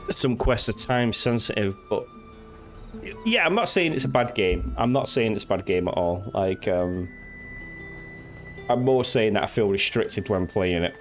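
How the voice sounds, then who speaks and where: A man's voice: on the low side, animated, measured pace. A young man casually chatting and ranting while streaming a game, swearing and acting out what characters say. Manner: rambling, swearing, acting out game lines in silly voices. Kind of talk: casual gameplay commentary. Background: game music.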